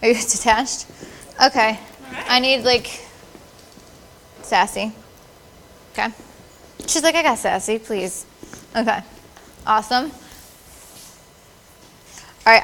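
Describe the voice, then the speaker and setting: A woman's voice: on the high side, long reverb tail, slight background noise. Upbeat woman directing a photo shoot. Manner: upbeat, playful directions to models. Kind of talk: live photo shoot coaching. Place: large studio with audience.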